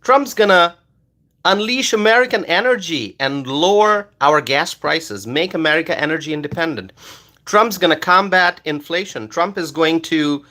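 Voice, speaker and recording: A man from Bangladesh, hosting a casual livestream and reading viewer comments aloud, animated and loud at times. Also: fairly high pitch, moderate pace. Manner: animated, loud at times, with many fillers and repeated words. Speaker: livestream host reading chat.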